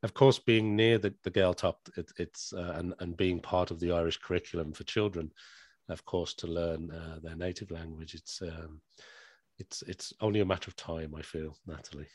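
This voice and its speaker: A man's voice: sits low, fairly even intonation, normal speed, no room sound, studio quality. A man hosting a podcast interview, encouraging and a bit hesitant, often repeating words as he asks questions. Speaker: podcast host.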